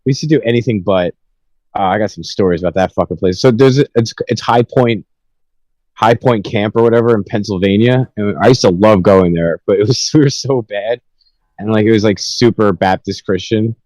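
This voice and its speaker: A man's voice: fairly low pitch, fairly quick, a little mellow, no room sound, poor audio. A young man telling rambling, profanity-filled stories with laughs in a casual podcast chat. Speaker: podcast host.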